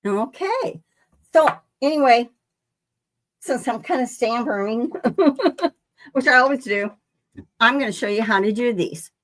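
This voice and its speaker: On the high side with lively intonation and a fairly bright tone, this quilting livestream host speaks unhurriedly, with long pauses. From her sewing room she gives a casual live demo, rambling, restarting sentences, and greeting viewers by name.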